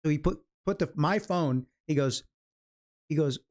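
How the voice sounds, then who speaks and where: A middle-aged man from California, American-accented, speaks in an unhurried voice on the high side. Hosting a day-trading livestream, he's loose and chatty, cracking jokes over his charts and laughing at his own tales.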